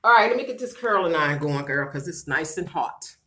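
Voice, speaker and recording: A middle-aged woman chatting on a casual livestream, loud and playful, breaking into laughter and talking straight to her viewers while she does her hair at home. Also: low-pitched, brisk. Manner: slangy and animated, talks straight to viewers. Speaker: vlogger doing a livestream.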